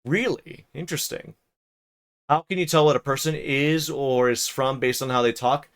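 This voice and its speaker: A man's voice: mid-range voice, normal speed, smooth. A man streaming as he narrates a classic novel aloud, breaking off for casual, chatty asides to his chat. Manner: casual, chatty asides between even-paced reading.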